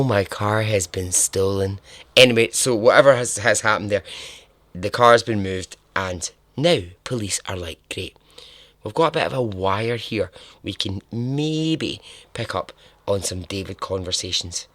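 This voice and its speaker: A man's voice: on the low side, a bit bright. A man hosting a podcast, telling a true-crime story in a chatty, irreverent way, with swearing and laughter at his own asides. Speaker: podcast host.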